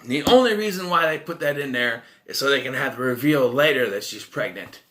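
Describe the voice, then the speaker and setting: Lively, bright-voiced man recapping a film. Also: medium pitch, fairly quick. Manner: rambling plot recap, self-correcting, wry asides. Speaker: film reviewer. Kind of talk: casual spoken movie review.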